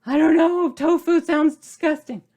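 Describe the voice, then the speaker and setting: A woman's voice: sits high, a little slow, dark tone, voice pushed up. A woman imitating a skeptical viewer who whines doubtfully about an unfamiliar food.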